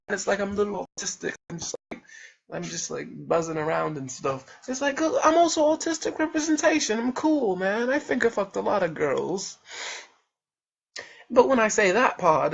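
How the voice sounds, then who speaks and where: A young man talks in a husky voice, boastful and jokey, as he rambles through a self-promoting monologue. His pitch swings widely from line to line. The recording is dull and lo-fi, as if made on a home camera. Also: expressive, moderate pace. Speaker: self-published author promoting his book.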